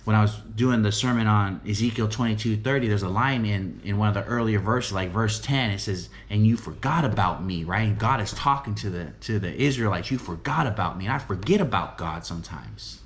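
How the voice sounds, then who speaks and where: A man's voice: fairly low pitch, brisk, few pauses. A middle-aged man giving an earnest, emphatic motivational talk about faith and recovery, often repeating phrases and asking "right?". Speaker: recovery home director and preacher.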